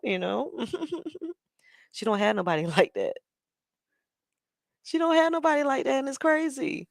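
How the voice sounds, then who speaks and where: A woman hosting a show, talking in an animated, sassy way with plenty of slang while she reacts to a stream. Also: high-pitched, normal speed, creaky, pauses often, no echo, studio quality. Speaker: show host. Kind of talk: casual commentary reacting to a stream.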